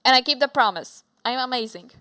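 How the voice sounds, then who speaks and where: A woman's voice: high-pitched, lively intonation, a little fast, bright, forceful tone, dry recording. A young woman, a native Polish speaker with a Polish accent, chatting casually on a livestream, giggly and bubbly with playful swearing. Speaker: streamer.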